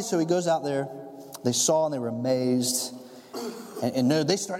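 A man preaching a sermon as a pastor, telling the story in an animated way and acting out the scenes. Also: fairly high pitch, a little fast, a little hiss or hum. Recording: long hall reverb.

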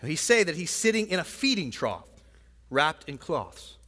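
A man's voice: on the high side, big pitch swings, a little slow, pushed and bright. Guy preaching in a church, chatty, keeps saying right?, lots of echo. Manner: conversational, frequent asides and "right?" tags. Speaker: pastor. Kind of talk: sermon. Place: church sanctuary. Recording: long hall reverb.

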